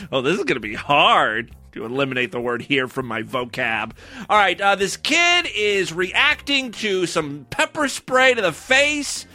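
A man's voice: sits high, big pitch swings, unhurried, bright, forceful tone, dry recording, soft background music. A man hosting a podcast, giving sarcastic, crude, rambling commentary on clips. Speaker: podcast host. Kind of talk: casual comedic commentary on clips.

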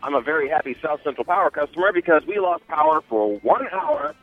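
A man's voice: on the high side, expressive, fairly quick, dry recording, faint music behind. A male caller on a thin, tinny phone line, telling a rambling story with dry humor. His voice rises and falls widely as he talks.

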